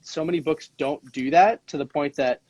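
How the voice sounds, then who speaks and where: A man's voice: fairly high pitch, normal speed, darkish tone, slightly rough, no echo, dull audio. A male guest on a live stream who talks in an easygoing, agreeable way and explains his ideas. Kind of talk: casual conversation on a live stream.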